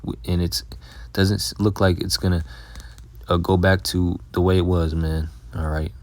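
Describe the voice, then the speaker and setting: A man giving a casual, blunt Bible lesson, swearing freely and filling every pause with "all right" and "man". He reads scripture slowly and deliberately. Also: low voice, little pitch movement, a little mellow, dry recording. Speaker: Bible teacher.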